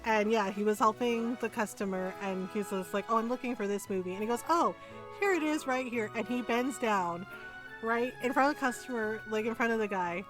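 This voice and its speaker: A middle-aged woman streaming a game, chatting casually and telling a story in an animated way, acting out the people she quotes. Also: a little high, fairly quick, music in the background.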